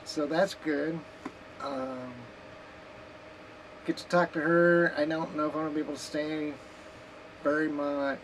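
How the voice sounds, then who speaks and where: A woman's voice: low-pitched, little pitch movement, a little slow, long pauses. A woman vlogging in a casual, rambling, joking way from her home kitchen, sometimes talking while eating. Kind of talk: casual chat. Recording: noisy background hiss.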